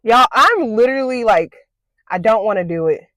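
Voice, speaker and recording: A young woman talks to camera in a casual vlog, her voice on the high side, expressive and a bit bright, at a moderate pace. She's panicky and squealing, laughing nervously and saying "like" and "y'all" constantly, with a dry recording.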